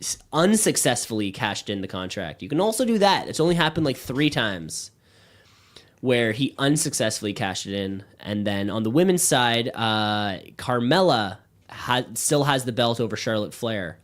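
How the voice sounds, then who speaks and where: A man co-hosting a podcast in a studio, chatting casually in an excitable, rambling way, with lots of fillers and swearing. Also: medium pitch, normal speed. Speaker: podcast co-host.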